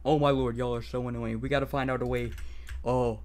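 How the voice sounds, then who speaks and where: A man's voice: medium pitch, level tone, a little fast, a little mellow. A young man casually voicing characters in an improvised game role-play, goofy and rambling. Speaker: roleplay creator.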